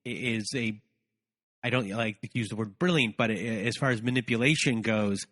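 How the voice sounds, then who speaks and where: A man's voice: on the low side, moderate pace, a bit bright, long reverb tail. A man hosting a podcast, responding thoughtfully and hunting for words with frequent restarts. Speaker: podcast host. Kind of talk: reflective conversation.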